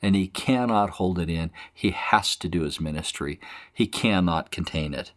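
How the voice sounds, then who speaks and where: Low-voiced man teaching verse by verse. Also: moderate pace. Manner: explains scripture conversationally, acts out quotes. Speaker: Bible teacher.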